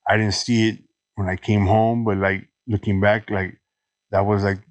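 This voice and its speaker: A middle-aged man from Los Angeles, guest on a podcast, telling his recovery story in halting speech full of restarts. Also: fairly low pitch, flat delivery, no room sound. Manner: halting, many restarts and "you know"s.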